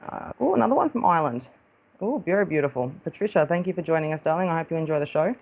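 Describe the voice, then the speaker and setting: A woman's voice: low voice, lively intonation, quick pace, a little mellow, muffled recording. An Australian woman hosting a live stream as a psychic medium, chatting casually and affectionately, calling viewers darling as she greets them.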